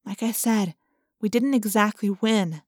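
Woman doing quiet teen girl, slow, careful, dry sound. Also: mid-range voice, dry recording, close to an everyday voice. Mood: sober. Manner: quiet, slower delivery. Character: quiet thoughtful teenage girl.

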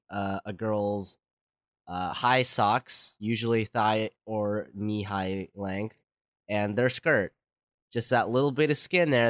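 A man co-hosting a podcast in casual chat while sick, with dry, deadpan humor. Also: medium pitch, clean tone, no echo. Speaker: podcast co-host.

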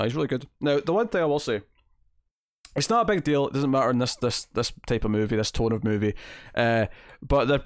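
A man's voice: medium pitch, dry recording. A man hosting a podcast, talking through a film in casual chat with lots of restarts and fillers. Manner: rambling, many restarts and fillers. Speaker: podcast host. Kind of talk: casual movie review chat.

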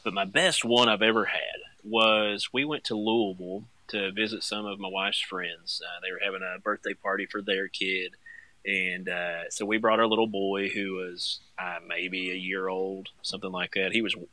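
A young stay-at-home dad tells a funny story in casual chat at normal speed, with no room sound. He gets animated, his voice jumping high as he acts out his own panic.

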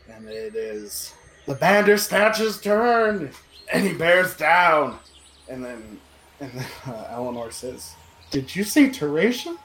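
A man's voice: on the high side, a bit bright, roomy sound, low-quality recording. A man narrating a tabletop game as game master, rambling and casual with lots of filler.

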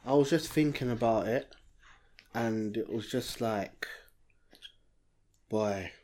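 A man with a London accent, co-hosting a casual podcast chat in a rambling, slangy way that often drops low and quiet. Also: takes it slowly. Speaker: podcast co-host.

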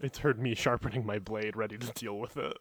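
A young man co-hosting a comedy podcast, animated and easily exasperated, with deadpan jokes. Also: fairly low pitch, a little fast. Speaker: podcast co-host. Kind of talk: casual comedic chat.

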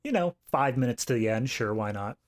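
A man's voice: medium pitch, expressive, a little fast. Wry man co-hosting a podcast. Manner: wry, dry jokes. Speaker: podcast co-host. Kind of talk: casual film review chat.

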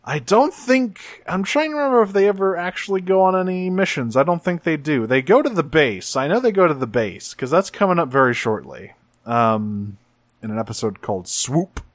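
A man's voice: a little high, expressive, moderate pace, no room sound. Male co-host, easygoing recap chat, swears casually, dry and close-miked. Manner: laid-back, profane, wry. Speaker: podcast co-host.

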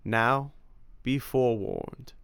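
Brief: man playing a grave, kindly monk for an audiobook, drawn-out delivery, dry clean sound. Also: mid-range voice, wildly swooping pitch, vocal fry, fairly bright tone, smooth, no echo, heavily acted. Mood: solemn. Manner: slow, solemn, measured. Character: solemn, good-humored old monk. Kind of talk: audiobook character voice.

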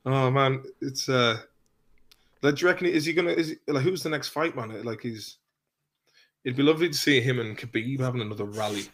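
A man's voice: mid-range voice, brisk, fairly bright tone. A man in casual podcast chat, rambling and swearing, often trailing off into mumbles.

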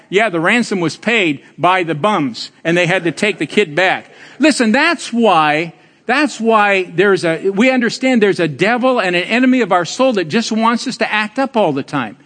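Older pastor guy preaching, kinda high voice, joking with the church, big echoey hall. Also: a bit bright. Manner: storytelling, teasing the congregation; emphatic preaching with rising exclamations. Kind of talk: sermon. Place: church sanctuary. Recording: long hall reverb.

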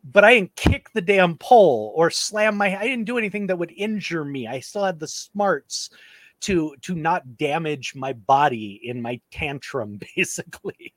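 A man co-hosting a sports podcast, giving blunt, animated takes in casual chat. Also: on the high side, measured pace, no room sound. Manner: blunt, animated storytelling with frequent restarts. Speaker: podcast co-host.

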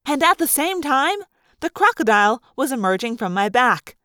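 A woman narrates a first-person story aloud with dramatic, animated delivery. Her voice is high, and its pitch leaps around expressively. The recording is close and dry, with no room echo. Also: moderate pace, clean tone. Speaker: audiobook reader.

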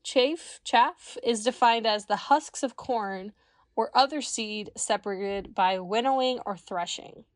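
A woman's voice: mid-range voice, a little slow, no echo, clean studio sound. A woman from Kansas co-hosting a podcast, casually reading word origins, swearing freely, giggling and stumbling over words. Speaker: podcast co-host. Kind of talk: casual chat, reading etymology notes.

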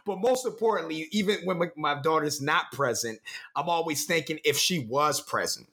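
Animated, bright-voiced man in his twenties. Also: on the high side, moderate pace. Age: 20s. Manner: animated, swearing, laughs often, acts out quotes. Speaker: podcast co-host. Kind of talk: casual chat.

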